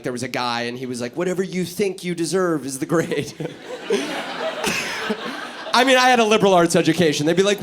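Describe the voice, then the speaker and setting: Brash high-voiced male stand-up comic. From New York City. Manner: brash, profane, teasing the audience. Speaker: stand-up comedian. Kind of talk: stand-up crowd work. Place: comedy club stage. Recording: noisy live club recording.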